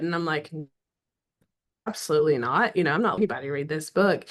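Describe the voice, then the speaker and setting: A middle-aged woman from the American South speaks with a Southern accent, her voice sitting a little low. She tells her story in a relaxed, chatty way and slips into animated mini-performances of what other people said. She clears her throat now and then between thoughts. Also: quick pace. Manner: animated, acts out quoted dialogue, frequent throat clearing. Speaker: romance author guest. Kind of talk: casual storytelling interview.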